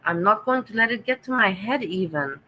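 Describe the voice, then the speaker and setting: Bright-voiced German-accented woman streamer. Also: medium pitch, expressive, brisk, low-quality recording. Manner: sarcastic, teasing, talks straight to chat. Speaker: livestream host reading chat. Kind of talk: casual livestream chat.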